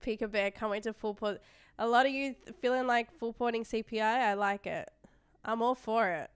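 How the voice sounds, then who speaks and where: Young aussie woman on a live trading stream, reads chat out loud, smooth clear voice, dry sound. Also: fairly high pitch, normal speed, dry recording. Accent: Australian. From Australia. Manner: chatty, reads chat messages aloud, trails off and restarts. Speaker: livestream trading host.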